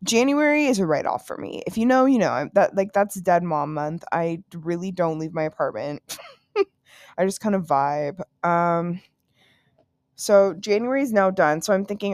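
A woman's voice: on the low side, expressive, moderate pace, a little mellow, no echo, studio quality. A young woman telling a story to her podcast listeners at home, loose and profane, full of "like" and laughing asides. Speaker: podcast host. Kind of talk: casual solo storytelling.

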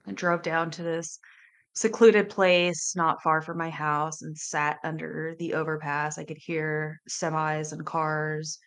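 A woman in her thirties with a low voice tells her own story on a podcast. She speaks slowly, candidly and with emotion, often pausing and restarting as she goes. She sounds like a coach opening up about her past. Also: a bit bright, clear, resonant tone. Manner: candid, emotional, halting confessional telling. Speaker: life coach and podcast host.

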